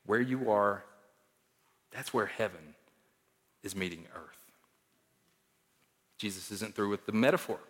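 A man preaching a sermon as pastor, emphatic, swinging between loud declarations and hushed asides. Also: lowish voice, measured pace, pauses often, breathy edge, in a large hall.

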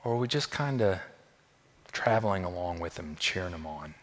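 A man's voice: animated, normal speed. Preaching man in a reverberant hall. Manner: emphatic, builds to loud high peaks then drops low and soft; repeats phrases for emphasis. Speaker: pastor. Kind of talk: sermon.

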